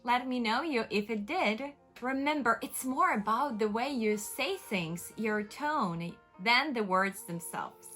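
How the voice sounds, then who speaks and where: A woman English teacher giving an encouraging, clearly spoken vocabulary lesson to camera. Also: fairly high pitch, slow, few pauses, faint music behind. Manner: encouraging, clear, steady explaining.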